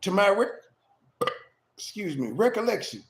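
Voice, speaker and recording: A fairly high-pitched man with a gravelly rasp speaks bluntly and dismissively as a co-host, fighting off hiccups. His voice carries the echo of a roomy space, with a faint hum of ambient noise behind him. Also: very animated, normal speed. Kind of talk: casual reaction commentary.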